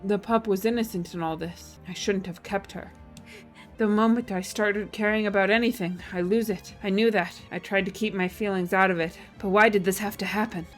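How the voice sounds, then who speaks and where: A woman's voice: medium pitch, steady tone, normal speed, soft background music, close to an everyday voice. A woman voicing a bitter, guarded woman in a video game, cold, clipped and weary as she grieves a lost dog. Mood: grieving.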